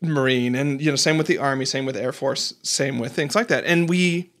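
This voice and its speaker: A man's voice: medium pitch, normal speed, a bit bright. A man hosting a podcast interview, talking reflectively in a casual way and acting out the voices he quotes with small laughs. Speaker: podcast host.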